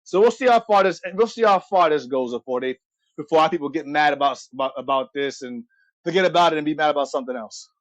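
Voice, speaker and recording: A man hosting a casual live stream chat, talking in a relaxed, rambling way. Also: on the high side, quick pace, no room sound. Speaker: host.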